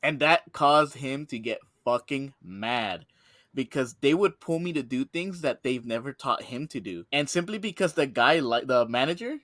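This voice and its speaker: A young man and podcast co-host telling a work story in casual chat, animated and swearing often, acting out the people he talks about. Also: mid-range voice, moderate pace, no echo, studio quality. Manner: animated, acts out coworkers in quoted voices, swears often.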